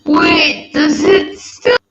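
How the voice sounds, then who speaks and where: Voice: a bit bright, reverberant, far from the mic. A panelist on a glitchy video call through headphones, laughing off the broken audio. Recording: slowed, gravelly, lo-fi call audio with music.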